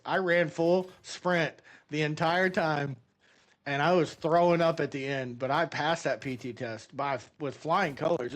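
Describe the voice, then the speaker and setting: A middle-aged man chats casually while he plays a game, his voice sitting a bit high for a man. He tells long, animated stories that ramble along, full of fillers and restarts. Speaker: gaming streamer.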